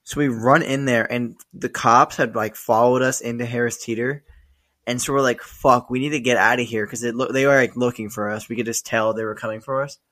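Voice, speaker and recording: A man's voice: medium pitch, a little fast. A young man, a podcast co-host, telling stories in casual chat, swearing often and laughing along. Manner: swears often, animated storyteller, laughs mid-story.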